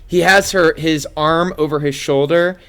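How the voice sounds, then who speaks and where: A man's voice: a little high, steady tone, a little slow, fairly bright tone, clear, resonant tone. A man running a tabletop game as game master, describing scenes with frequent fillers.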